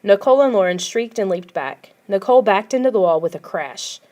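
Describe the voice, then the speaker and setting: Woman audiobook reader, quiet, even storybook narration. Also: mid-range voice, fairly quick.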